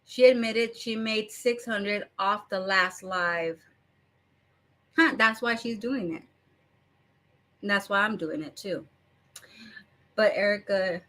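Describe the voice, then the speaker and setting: Bright-voiced woman ranting bluntly. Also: a little high, lively intonation, measured pace. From Arizona. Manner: blunt, ranting, swears, mocking quoted voices. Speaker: commentary channel host. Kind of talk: casual commentary.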